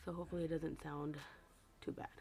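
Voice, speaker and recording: Woman with a raspy morning voice. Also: low-pitched, little pitch movement, quick pace, warm tone. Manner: chatty, rambling, self-correcting. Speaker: beauty vlogger. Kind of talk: casual makeup tutorial.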